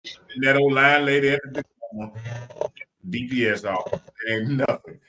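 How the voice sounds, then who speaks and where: A man's voice: mid-range voice, normal speed, background noise. A man with a Southern US accent co-hosting a live podcast, talking in a repetitive, preacher-like cadence. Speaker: podcast co-host.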